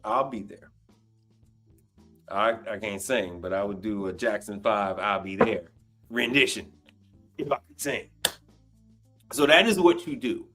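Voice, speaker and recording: A man's voice: lowish voice, a little slow, long pauses, bright, forceful tone, faint music behind. A man hosting a livestream, ranting bluntly and swearing in casual talk. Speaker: livestream host. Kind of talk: casual profane rant.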